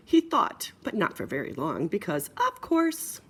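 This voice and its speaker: A woman reads a silly picture book aloud, her voice swooping up and down in a lively sing-song. The voice has a slightly husky, breathy edge, and she sounds playful. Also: a little high, normal speed, few pauses. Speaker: story reader. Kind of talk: children's book read-aloud.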